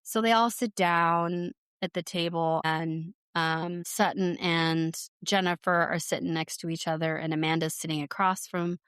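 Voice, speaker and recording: Brief: woman podcast co-host, low-ish voice, lively retelling, dry close mic. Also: smooth, no echo. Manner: animated storyteller, quotes people in quick voices. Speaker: podcast co-host recapping reality TV. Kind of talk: casual chat, retelling scenes.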